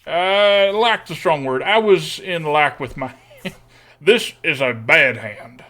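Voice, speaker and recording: A young man commentates his own card game on a live stream. He reasons out loud and hums between moves. His voice sits a bit high for a man. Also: lively intonation, slow. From Texas. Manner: thinks aloud, mutters and hums while weighing plays.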